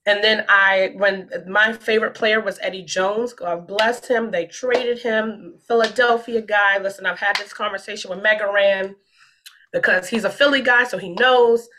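A woman from the Washington, D.C. area telling a story in casual podcast chat, animated and rambling, with frequent restarts. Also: medium pitch, moderate pace, a little hiss or hum.

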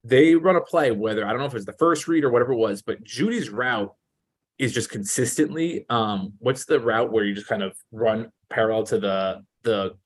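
A man's voice: mid-range voice, moderate pace. Ranting sports betting co-host, man. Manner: animated, profane, ranting. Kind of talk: casual podcast chat.

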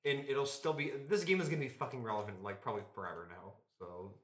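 A man hosting a casual podcast chat, excitable and swearing freely. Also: mid-range voice, fast. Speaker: podcast host. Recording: roomy echo.

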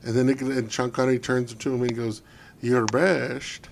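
A man's voice: mid-range voice, little pitch movement, quick pace, darkish tone, a little hiss or hum. A man co-hosting a casual football podcast, ranting bluntly and swearing freely about his team. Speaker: podcast co-host.

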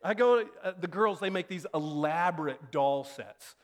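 A man with a high voice preaching in a relaxed, chatty way. He tells a story about his family and jumps even higher when he acts out the voices in it. He sounds like a pastor in his thirties. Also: moderate pace. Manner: conversational storytelling, acts out quoted lines with rising pitch. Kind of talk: sermon.

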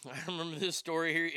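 A man's voice: on the high side, sharp tone, clean tone, no echo, studio quality. A man hosting a comedic talk show, laughing often and stammering as he jokes crudely. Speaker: radio show host.

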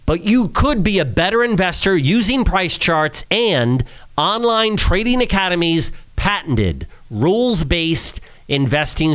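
A male radio host delivers an urgent, salesy pitch in a smooth, clean voice that sits a little high for a man. He keeps pushing listeners to call in and sign up. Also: a bit bright. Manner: salesy, urgent pitch reading out a phone number. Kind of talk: promotional radio talk.

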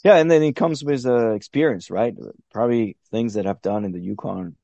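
A man's voice: on the low side, brisk, vocal fry, warm tone, no room sound. A man being interviewed on a podcast, explaining his methods in a thoughtful, step-by-step way with frequent restarts. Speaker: podcast guest, long-distance paddler. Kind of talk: reflective interview talk.

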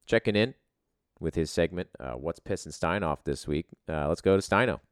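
A man's voice: low-pitched, lively intonation, normal speed, no echo, clean studio sound. A man hosting a podcast in a casual, blunt and profane way. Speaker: podcast host.

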